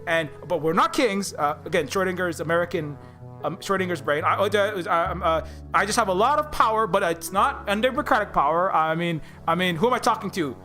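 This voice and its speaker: A man's voice: sits high, fairly quick, bright, forceful tone, soft background music. A man on a live stream, ranting sarcastically and mockingly, stumbling through many stammered restarts. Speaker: indie game developer streaming live. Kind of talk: rambling livestream rant.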